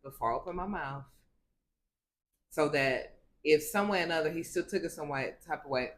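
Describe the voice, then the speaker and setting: A woman's voice: low voice, normal speed. A woman co-hosting a casual marriage chat, earnest and reflective, with lots of "you know" fillers. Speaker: podcast co-host.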